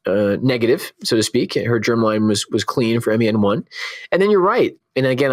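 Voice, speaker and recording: A man in his thirties, raised in Scotland but speaking with an American accent, talking in an earnest, reflective interview way and laughing easily. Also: on the low side. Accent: American, Texan-leaning with faint Scottish traces. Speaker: oncologist guest. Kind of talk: conversational interview.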